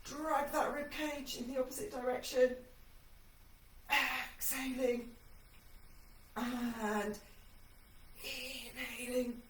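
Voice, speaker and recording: A woman's voice: sits high, unhurried, hardly any pauses, echoey room, far from the mic, a little hiss or hum, poor audio. A woman instructor calling breathing cues through an ab workout while doing it herself, her voice a little shaky from the effort. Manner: encouraging cues paced to breathing, slightly breathless. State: shaky voice from exertion. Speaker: fitness instructor.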